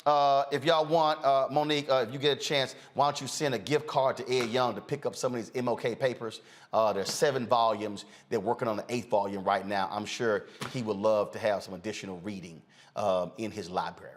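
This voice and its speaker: A man's voice: on the low side, a little fast, a little hiss or hum. Blunt, combative male talk show host. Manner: blunt, combative, animated rants with filler "uh". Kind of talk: outspoken talk show commentary.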